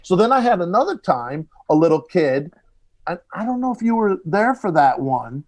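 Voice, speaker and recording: A man with a notably high speaking voice spins comedy stories in loose podcast banter. He talks animatedly and slips into the voices of the people he quotes along the way. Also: moderate pace. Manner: animated storyteller acting out quotes. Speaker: comedian guest telling stories. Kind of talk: casual podcast chat.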